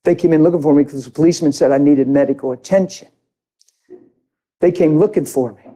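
Male preacher, husky voice, sermon story with acted-out voices. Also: a little high, a little fast, dark tone. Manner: acts out other people's voices in his story.

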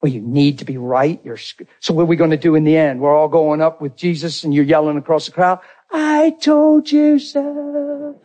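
A man preaching a sermon in a dramatic way, jumping from loud exclamations to hushed low lines. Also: steady tone, quick pace, few pauses.

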